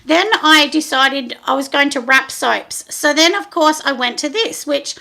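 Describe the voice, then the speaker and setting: A woman's voice: high voice, unhurried, gravelly, pushed and bright. A woman, middle-aged, chatting casually on her own vlog, rambling a little with plenty of ums and laughing at herself. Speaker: soap maker and channel host.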